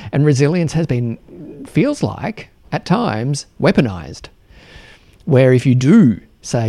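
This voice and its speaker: A man with an Australian accent hosting a solo podcast, talking earnestly and haltingly with many restarts and repeated words. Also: medium pitch, wildly swooping pitch, vocal fry, warm tone, no room sound. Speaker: podcast host.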